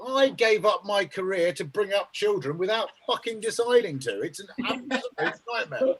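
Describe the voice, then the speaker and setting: A man's voice: sits high, rough recording. A man in his fifties doing a stand-up comedy set, sweary and self-mocking with rambling asides. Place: online lockdown gig, from home. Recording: loud audience laughter behind.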